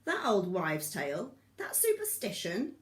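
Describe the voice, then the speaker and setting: A woman's voice: mid-range voice, wildly swooping pitch, unhurried, echoey room. A woman reading the part of a scheming man who poses as the governor, speaking slyly and with mockery. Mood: sly, mocking. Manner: mocking, sly. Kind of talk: audiobook reading.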